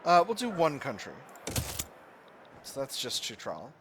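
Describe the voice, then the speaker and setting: A man casually musing his way through a strategy game, filling pauses with ums and uhs. His voice moves up and down in a lively way at a medium pitch. Clear background noise runs under the recording. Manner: musing, rambling with fillers. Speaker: gaming channel host.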